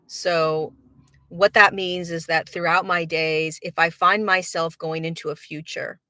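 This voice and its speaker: A woman's voice: on the low side, flat delivery, measured pace, pushed and bright, no echo, studio quality. A woman hosting a spiritual podcast, talking earnestly in a reflective monologue and repeating words for emphasis. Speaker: spiritual teacher and podcast host.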